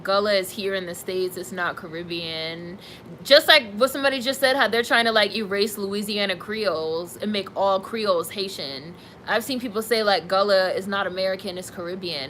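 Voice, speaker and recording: A woman's voice: medium pitch, measured pace, pushed and bright, slight background noise, rough recording. A young woman streaming live, reading viewer comments and reacting with candid, sassy asides. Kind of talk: casual live-stream chat.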